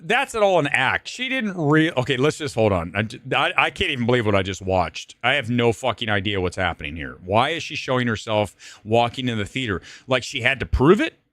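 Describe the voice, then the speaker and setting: Lively, rambling male stream host. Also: mid-range voice, a little fast, few pauses, no room sound, studio quality. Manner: rambling, joking, profane. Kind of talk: live-stream movie talk.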